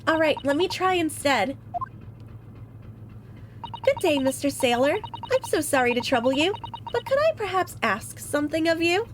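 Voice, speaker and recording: A woman's voice: sits high, sing-song, normal speed, pauses often, noisy background, voice pushed up. A woman voicing a nervous, overly polite young male lawyer in a game.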